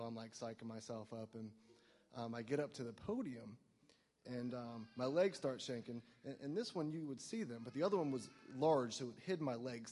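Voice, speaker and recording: A man's voice: medium pitch, a little mellow, long reverb tail. Rambling, self-mocking man sharing at a meeting. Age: adult, no longer young. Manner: rambling, self-mocking, heavy use of "like" and "you know". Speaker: speaker at a recovery meeting. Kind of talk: personal recovery story told to a meeting. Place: recovery group meeting.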